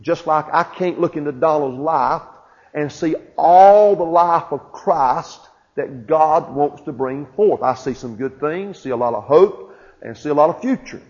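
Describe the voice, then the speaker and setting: High-voiced fervent preacher in a reverberant hall. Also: male voice, a little slow, darkish tone. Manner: fervent, rising and falling emphasis, questions to the congregation. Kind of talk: sermon. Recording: dull lo-fi with long reverb.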